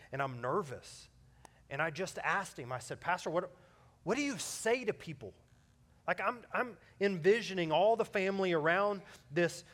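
A middle-aged man preaching a sermon as a pastor, earnest, moving from loud urging to soft, hushed lines. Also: fairly high pitch.

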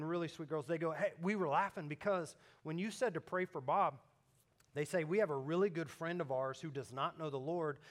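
A man preaching a sermon, animated in his stories and turning hushed and earnest when he appeals to his listeners. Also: on the high side. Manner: animated storytelling, swings between loud emphatic peaks and hushed earnest appeals. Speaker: pastor.

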